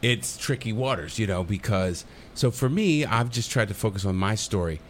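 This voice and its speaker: A middle-aged man telling a personal story in a relaxed interview, with a pitch that swings widely as he acts out voices. A faint background noise sits under his voice. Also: moderate pace. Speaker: guest, comic actor. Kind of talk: casual storytelling in a podcast interview.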